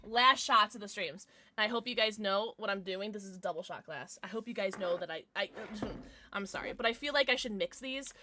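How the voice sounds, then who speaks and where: A woman's voice: medium pitch, brisk, background noise. A young woman livestreamer chatting casually with her viewers, giggly and rambling, with lots of restarts and fillers.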